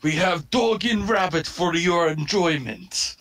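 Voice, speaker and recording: A man's voice: on the high side, animated, unhurried, a bit bright. A man hosting a casual let's play stream, joking around in a hammy, announcer-style delivery. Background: game music.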